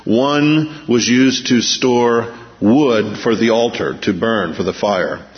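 Man preaching in a reverberant hall. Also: medium pitch. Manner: emphatic preaching, slowing for scripture readings. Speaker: pastor. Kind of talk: sermon. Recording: muffled lo-fi with long hall reverb.

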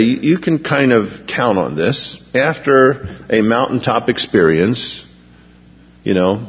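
A man's voice: medium pitch, husky. Man preaching in a long-echoing hall. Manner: conversational, storytelling with asides. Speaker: pastor. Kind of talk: sermon. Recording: dull lo-fi recording with long reverb.

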